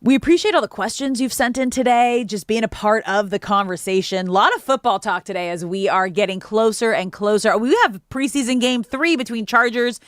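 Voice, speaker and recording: Woman sports radio host, upbeat, smooth delivery, dry studio sound. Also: a little high, fairly quick, hardly any pauses, no room sound. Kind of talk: sports talk radio hosting. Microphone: studio microphone.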